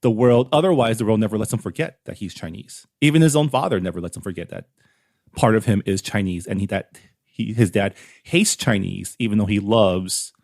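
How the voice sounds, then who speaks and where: Low-voiced man discussing a novel. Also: brisk, vocal fry, darkish tone, no room sound, clean studio sound. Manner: analytical, frequent "like" and "right?". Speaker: podcast co-host. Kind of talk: casual book club chat.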